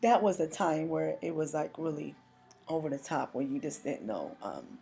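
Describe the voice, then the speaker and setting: A woman giving a personal religious testimony, earnest and emotional, speaking haltingly with many pauses and restarts. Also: sits low, animated, vocal fry, mellow.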